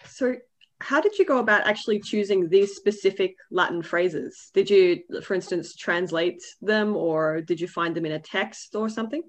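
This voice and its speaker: A woman's voice: mid-range voice, normal speed. A woman asking an interview guest probing questions.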